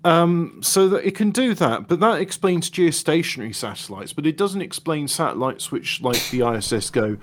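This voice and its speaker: A man in a casual online chat who jokes deadpan and restarts his sentences often. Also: fairly high pitch, normal speed, hardly any pauses, a little hiss or hum. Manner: deadpan joking, stammering restarts.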